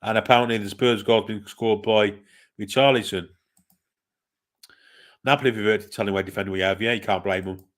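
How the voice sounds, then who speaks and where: A man hosting a live football watchalong, calling the play in a relaxed, wry way and chatting with viewers. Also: fairly low pitch, a little fast, pauses often. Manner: laid-back, chatty, wry. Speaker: watchalong host. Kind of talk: casual live match commentary, reading chat.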